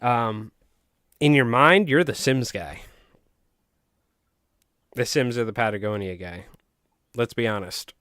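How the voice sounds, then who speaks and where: Man, Long Island accent, casual rambling stream chat, smooth voice, dry close sound. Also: mid-range voice, slow, pauses often, a bit bright, no room sound. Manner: joking, rambling, lots of fillers. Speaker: fly tying streamer.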